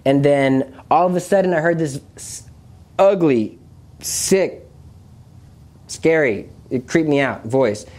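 A young man earnestly recounting a personal religious testimony, confessional and animated, often restarting his sentences. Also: takes it slowly, long pauses. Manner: earnest, confessional, with many restarts and pitch jumps. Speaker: speaker sharing his testimony.

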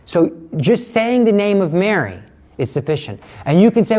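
A middle-aged man giving a conversational sermon, teaching with lively examples and acted-out quotes. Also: sits high, moderate pace. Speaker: preacher.

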